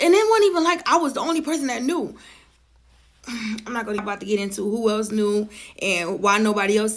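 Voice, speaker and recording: Gravelly woman telling a blunt story. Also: mid-range voice. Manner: blunt, profane and animated, with lots of asides to the audience; fast and emphatic, slowing down to stress points. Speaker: vlogger telling a personal story. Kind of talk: casual storytime monologue.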